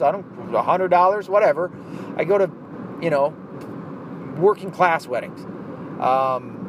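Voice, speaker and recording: Profane man podcasting from his car. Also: fairly high pitch. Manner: rambling, profane, self-mocking. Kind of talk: casual profane rant. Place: inside a moving car. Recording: car noise behind voice.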